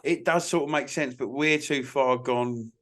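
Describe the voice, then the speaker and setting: A man co-hosts a casual drinks podcast in loose, rambling banter. He swears freely and often stops to restart or correct his sentences, with an even, mid-pitched voice. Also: a little slow. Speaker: podcast co-host.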